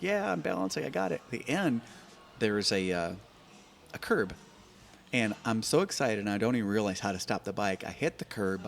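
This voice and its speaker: In his fifties, this podcast guest has a low, deep voice and shares conversational stories from an open-air bike and coffee shop inside a garage. Animated and rambling, he stacks up repeated words and restarts while gathering his thoughts.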